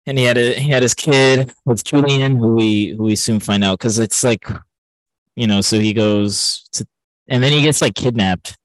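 A man's voice: mid-range voice, normal speed, no room sound, rough recording. A man co-hosting a podcast, chatting casually about a film and rambling with many fillers and restarts. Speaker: podcast co-host.

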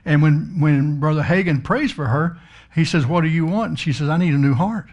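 A man's voice: fairly high pitch, moderate pace, a little mellow, highs cut off. A middle-aged man preaching, telling a story in a folksy, emphatic way. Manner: folksy, emphatic, swells up on key words. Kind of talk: storytelling sermon.

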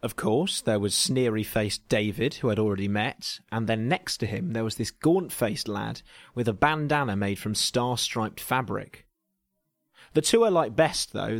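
An English man narrating a story in a dry, deadpan way. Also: mid-range voice, dry recording.

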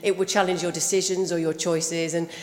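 Woman sharing in a church group, earnest and steady, low voice, echoey hall. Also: fairly quick. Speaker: group member. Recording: echoey hall with long reverb.

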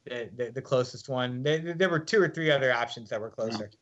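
A man's voice: medium pitch, brisk, a bit bright, highs cut off, a little hiss or hum. A middle-aged man, a guest author, reading from his book and talking casually in an interview. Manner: reads with dry wit, casual fillers in talk.

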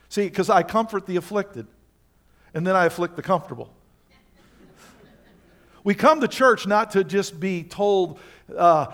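A man's voice: sits high, a bit bright. A pastor preaching to his congregation with emphatic rhetorical questions. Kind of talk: sermon.

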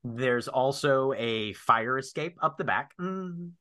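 A man's voice: medium pitch, animated, slow, bright, forceful tone. A man acting as game master, describing the scene in a hesitant way with many fillers. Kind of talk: narrating a tabletop game.

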